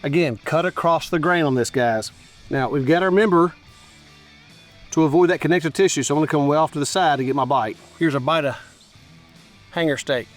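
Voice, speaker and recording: A man's voice: on the high side, brisk, long pauses, faint music behind. A middle-aged man hosting a barbecue cooking show outdoors at a grill, chatting enthusiastically and straight to his viewers as he tastes. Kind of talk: casual cooking and tasting commentary.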